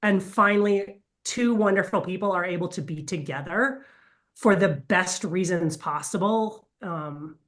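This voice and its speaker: A middle-aged woman in a casual family interview, telling an emotional, animated story. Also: fairly low pitch, measured pace. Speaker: family member in a group interview. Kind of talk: casual chat.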